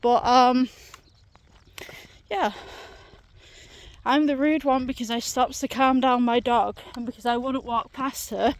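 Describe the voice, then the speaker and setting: A woman's voice: sits high, fairly even intonation, takes it slowly. A British woman vlogging outdoors on a countryside path while walking her dog, telling an exasperated, chatty story with lots of fillers. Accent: British English. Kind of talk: ranting storytime vlog.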